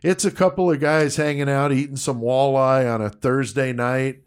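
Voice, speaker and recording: A man hosting a podcast in casual chat, explaining things in a relaxed way with many fillers. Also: mid-range voice, normal speed, clean tone. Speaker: podcast host.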